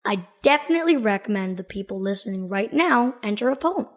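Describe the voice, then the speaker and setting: A woman's voice: medium pitch, expressive, fairly quick. A woman hosting a podcast in a playful, joking way. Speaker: podcast host.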